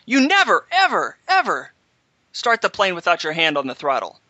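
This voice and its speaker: A man voicing a strict female flight instructor who scolds in a shrill voice with a German accent. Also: wildly swooping pitch, moderate pace, pushed and bright, no room sound, lo-fi sound, heavily acted. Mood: alarmed scolding.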